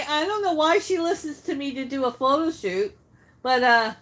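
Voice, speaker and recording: A woman's voice: high voice, animated, moderate pace, fairly bright tone. A woman hosting a casual cooking livestream, chatting and answering viewer comments as she works. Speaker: livestream host. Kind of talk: casual live-stream chat while cooking.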